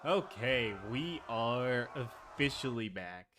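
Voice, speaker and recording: A man's voice: mid-range voice, lively intonation, takes it slowly, background noise. A young man giving casual, flustered commentary while playing a game, with frequent exclamations. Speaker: gameplay streamer.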